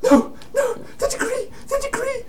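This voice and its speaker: A shrieking, pompous paladin. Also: male voice, on the high side, very animated, unhurried, pitched above the performer's own voice. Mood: frantic. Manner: shrieking, panicked repetition. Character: pompous, frantic male paladin NPC. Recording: noisy home stream audio.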